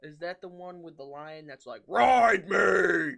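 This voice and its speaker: Brash young American guy, bright voice. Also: on the high side, steady tone, moderate pace. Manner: brash, loud, joking. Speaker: podcast co-host. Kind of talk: casual chat. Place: home room with soundproofing.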